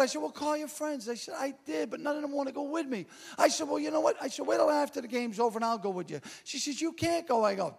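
A man's voice: extremely high pitch, lively intonation, fast talker, vocal fry, few pauses. A man doing a brash, self-mocking stand-up comedy set on a club stage. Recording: live club recording with crowd.

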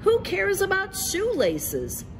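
A woman's voice: high-pitched, sing-song, a little slow, background noise, voice pushed up. A woman voicing a blustering, pompous male town mayor in a picture book read-aloud, huffy and snorting. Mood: dismissive.

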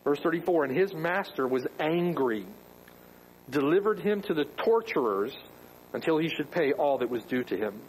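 A man's voice: fairly high pitch, expressive, normal speed, darkish tone, slight background noise, poor audio. A man preaching a sermon as pastor, emphatic, with rhetorical questions.

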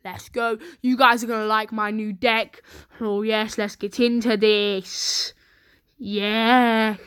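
A woman hosting casual pack-opening commentary, chatty and excitable with sudden shrieks. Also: medium pitch, takes it slowly, clear, resonant tone. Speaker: channel host.

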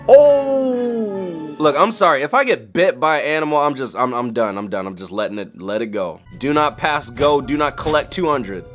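High, lively man doing jokey reactions. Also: normal speed, soft background music. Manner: animated, joking, exclamatory. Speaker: YouTube host. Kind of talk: reaction commentary.

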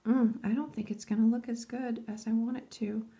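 Woman nail-art vlogger, casual and excitable, thinks aloud, a touch high-pitched. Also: a little fast. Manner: chatty, enthusiastic, thinking aloud. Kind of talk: casual tutorial chat.

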